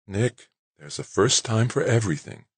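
A man's voice: lowish voice, animated, moderate pace, vocal fry, husky, no echo, pitched above the performer's own voice, full character voice. A man voicing a playful, stubborn young wife. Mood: knowing. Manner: teasing, firm. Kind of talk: audiobook reading.

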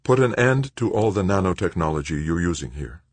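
Male narrator playing a icy, husky, low-voiced avenger, flat delivery, dry close read. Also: a little fast, no room sound. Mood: cold. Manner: cold, hushed, flat. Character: cold vengeful bitter woman.

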